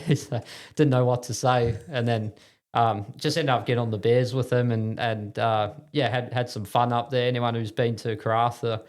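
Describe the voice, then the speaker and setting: This man from New Zealand has a medium pitch and fairly even intonation, talking at an ordinary pace. Appearing as a speedway driver on a casual podcast interview in a studio, he rambles, pokes fun at himself, and fills his speech with fillers.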